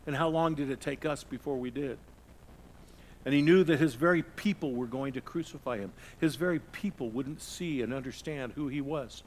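Man preaching with dramatic loud-soft swings. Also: normal speed, a little hiss or hum. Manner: dramatic swings between loud emphasis and hushed low passages. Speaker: pastor. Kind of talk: sermon.

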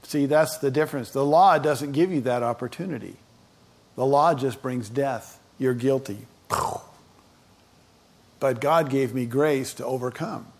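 A man's voice: mid-range voice, measured pace, gravelly. A man preaching a sermon in a conversational, folksy way, talking straight to the congregation.

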